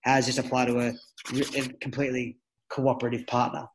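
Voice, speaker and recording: Brisk and mid-range, this man's voice carries slight background noise on a rough recording. He is a judo coach and former Olympian appearing as a podcast guest, a parent at home telling casual, animated stories with many restarts.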